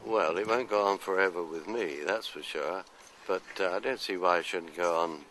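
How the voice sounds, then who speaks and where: A man's voice: low voice, moderate pace, fairly bright tone, slight background noise, poor audio. An older man from London, an actor answering interview questions in a chatty, anecdotal, self-deprecating way.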